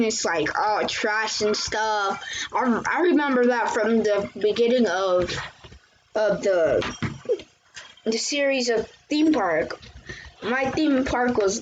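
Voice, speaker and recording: Her voice is on the high side and expressive, and she takes her time as she hosts her channel's gameplay commentary. She keeps up a casual chat, exclaiming at the game's events. Faint hiss runs through the muffled, lo-fi audio.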